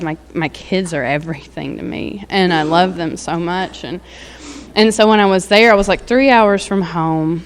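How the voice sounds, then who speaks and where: A woman's voice: fairly low pitch, clean tone. A woman, telling her personal recovery story in a candid, rambling way, with lots of fillers and laughs. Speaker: recovery speaker. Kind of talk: personal testimony.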